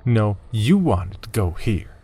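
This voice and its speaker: A man's voice: lowish voice, sing-song, slow, mellow, husky, heavily acted. A man voicing an irritated, tired young woman who complains in exasperation.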